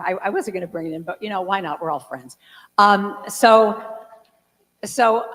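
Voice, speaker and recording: A woman in her sixties talking casually to a church congregation, with a chatty storytelling manner full of fillers and acted-out quotes. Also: medium pitch. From California. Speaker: guest speaker and singer. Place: large church hall. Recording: reverberant hall.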